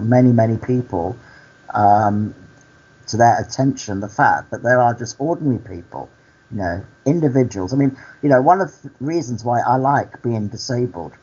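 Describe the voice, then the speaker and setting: A male actor and activist, a guest in a candid interview, speaking earnestly and telling stories at an unhurried pace. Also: mid-range voice, a little mellow, husky, lo-fi sound.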